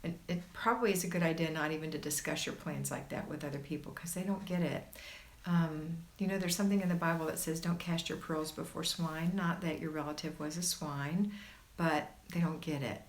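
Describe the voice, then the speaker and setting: A woman's voice: sits low, fairly even intonation, brisk. A woman hosting a casual livestream, reading viewer comments aloud and reassuring her viewers in a chatty way. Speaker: homemaking livestream host.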